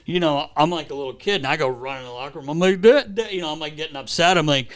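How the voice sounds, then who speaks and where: Animated male podcast co-host. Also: racing. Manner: animated storyteller who jumps to a high pitch when quoting himself as a child. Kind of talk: casual chat. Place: podcast studio.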